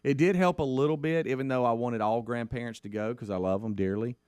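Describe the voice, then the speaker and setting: Animated middle-aged storyteller man. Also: brisk, smooth, no echo, studio quality. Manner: animated storyteller who acts out quotes in a higher voice. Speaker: radio show co-host. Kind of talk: casual storytelling chat.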